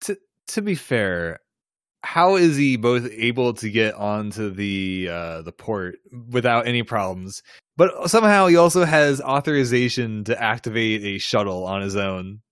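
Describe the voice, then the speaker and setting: Man, podcast co-host, casual chat, rambling, incredulous, lively intonation. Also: lowish voice, unhurried, clean tone, dry recording, clean studio sound. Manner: rambling, incredulous questioning with restarts.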